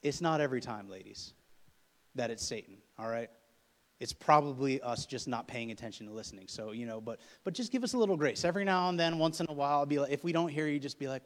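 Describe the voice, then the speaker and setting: A man preaching a sermon with humor, swinging from loud emphatic passages to quiet asides and acting out couples' quarrels. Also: medium pitch, expressive, fast. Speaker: pastor. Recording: long hall reverb.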